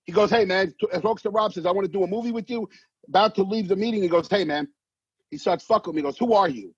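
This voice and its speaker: A man, an actor telling stories in a casual interview, animated and swearing, acting out voices. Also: high voice, fast, breathy edge, no echo. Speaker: actor guest. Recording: dull muffled sound, dry.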